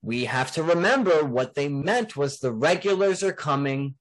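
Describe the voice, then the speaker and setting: A man's voice: on the high side, animated, normal speed. Emphatic rambling man hosting a podcast. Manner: emphatic, rambling, lots of fillers. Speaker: podcast host. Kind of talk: casual podcast chat.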